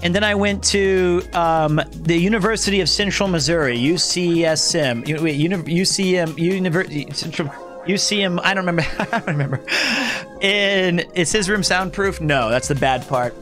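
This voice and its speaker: A man in his thirties with a high, bright, sharp voice chats loosely on a live stream. He rambles through self-mocking tales and cracks jokes. Soft music plays behind him. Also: moderate pace. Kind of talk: casual chat with live chat.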